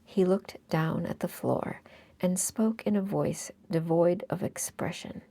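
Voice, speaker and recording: A woman reading a classic novel aloud in a hushed, breathy, unhurried manner. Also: on the low side. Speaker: audiobook reader. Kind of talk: audiobook narration in a breathy whisper.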